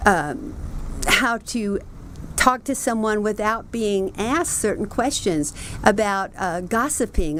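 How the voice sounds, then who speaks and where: A middle-aged woman hosting a book review show, chatting in a relaxed, storytelling way. She acts out remembered conversations with lively quoted voices. Her pitch sits at an everyday middle level for a woman. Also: slight background noise. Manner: chatty storytelling, animated quoting of others. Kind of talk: casual book review talk.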